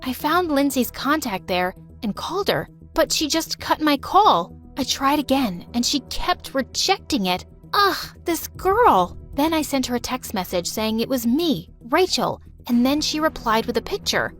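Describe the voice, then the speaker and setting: A woman's voice: high-pitched, big pitch swings, unhurried, hardly any pauses, fairly bright tone, soft background music. A woman narrating a first-person storytime in a dramatic, emotional way and voicing the other people in it.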